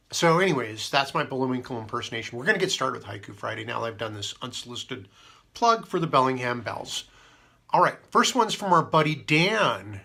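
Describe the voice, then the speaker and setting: Rambly guy hosting a radio show, gravelly voice with a bright edge, lots of ums. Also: medium pitch, expressive, a little fast. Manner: meandering, full of fillers and asides. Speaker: radio host. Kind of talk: rambling casual radio chat.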